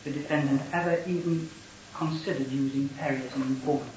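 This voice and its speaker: A man, a barrister speaking formally and deliberately to a jury in a courtroom. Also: medium pitch, fairly even intonation, a little mellow, far from the mic, slight background noise. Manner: formal, deliberate, reads transcript passages aloud. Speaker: prosecuting barrister. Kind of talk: address to a jury. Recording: dull, roomy courtroom recording.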